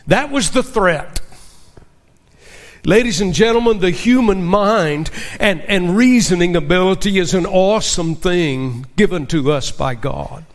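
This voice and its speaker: A man's voice: sits high, a little slow. A male pastor preaching a sermon with emphasis and asking the congregation rhetorical questions.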